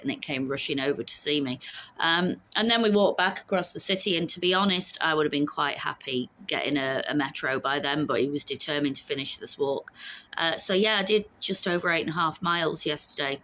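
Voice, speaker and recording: A woman's voice: low-pitched, fairly bright tone, a little hiss or hum. A woman in her fifties chatting frankly and casually to camera about her week, with the odd swear word. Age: 50s. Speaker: vlogger. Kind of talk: casual chat.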